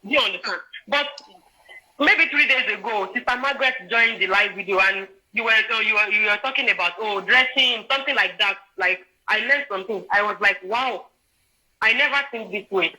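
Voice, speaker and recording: An animated woman in her 20s with a Nigerian accent is a guest sharing a personal story in casual chat, often checking in with "do you understand?" Her pitch is medium, her pace fairly quick, and the recording rough.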